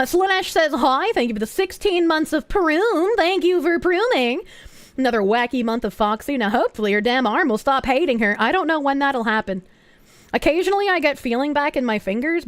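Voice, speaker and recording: Brief: high-pitched woman streamer, excitable, foul-mouthed, dry close sound. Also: a little fast, dry recording. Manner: excitable, swears freely, reads chat aloud. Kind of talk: casual live-stream chat.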